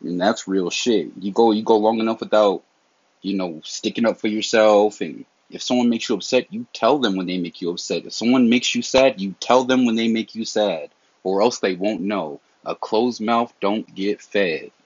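This solo podcast host is a young man from the American South with a Southern accent, chatting casually in a frank, slang-filled, sincere manner. He speaks at normal speed in a lowish, slightly rough voice, recorded dull, lo-fi and dry without room sound.

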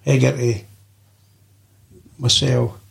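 Gravelly older Scottish man telling stories. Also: medium pitch, level tone, slow. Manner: swears freely, rambling with many fillers. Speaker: podcast guest. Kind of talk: anecdotal storytelling.

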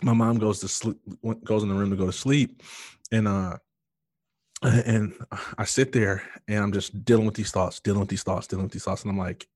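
A man with a fairly low voice tells his story earnestly, full of fillers and false starts. The sound is dry and close, with no room around it. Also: level tone, brisk, no echo. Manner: earnest, emotional storytelling with many fillers and restarts. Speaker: guest sharing his testimony. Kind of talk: personal testimony in conversation.

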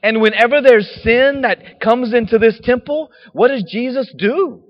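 Guy preaching, high voice, talks casual with slang, dull sound with long echo in a church. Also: unhurried. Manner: animated, casual slang, acts out quotes. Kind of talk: sermon.

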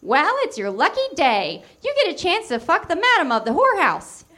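A woman's voice: sits high, huge pitch swings, normal speed, bright, forceful tone, voice pushed up, heavily acted. A woman voicing a bossy, scheming cartoon girl who speaks in a sly, falsely sweet way.

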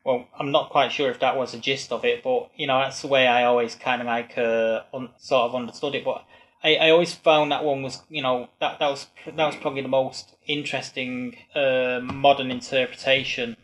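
A man's voice: mid-range voice, steady tone, a little fast, a bit bright. A man chatting casually on a podcast, rambling with many restarts and fillers.

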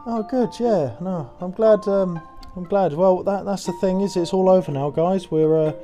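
A man voicing a harsh male army sergeant who sounds mockingly cheerful, his voice pushed up high. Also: normal speed, warm tone, faint music behind, lightly acted. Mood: fake friendly. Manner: mock-cheerful, then bellowing profanity. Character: brutal male army sergeant, falsely friendly then screaming.

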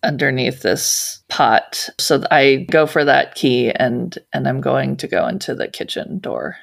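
A woman's voice: very deep voice, expressive, unhurried, gravelly. A woman playing a tabletop role-playing game, speaking earnestly in character and narrating her moves. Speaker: player.

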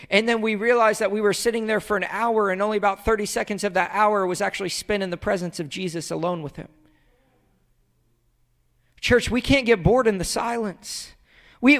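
High-voiced preacher man, big dynamic swings. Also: long reverb tail. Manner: conversational preaching, acts out little dialogues, swings from loud to hushed. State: emotional at moments. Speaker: pastor. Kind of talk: sermon.

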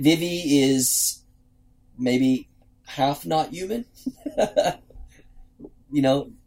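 A man's voice: mid-range voice, a little mellow. A man hosting a book club, retelling and reading a story passage in a casual, musing way with many fillers.

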